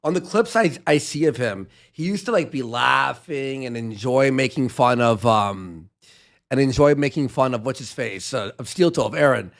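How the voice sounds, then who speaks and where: A man's voice: mid-range voice, lively intonation, moderate pace, gravelly. A man co-hosting a podcast, jeering at clips in a drawling way. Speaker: podcast co-host. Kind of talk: casual reaction chat.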